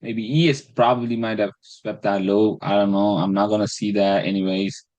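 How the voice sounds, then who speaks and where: A man's voice: lowish voice, little pitch movement, normal speed, a little mellow, dry recording, low-quality recording. A man casually talking through his week's trades, rambling and self-deprecating, swearing and restarting his phrases. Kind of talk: casual screen-recorded trading breakdown.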